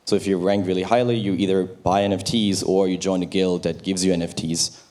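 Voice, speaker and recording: A man speaking as a panelist on a theater stage, measured and explanatory. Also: low voice, flat delivery, a little mellow. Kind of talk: conference panel discussion.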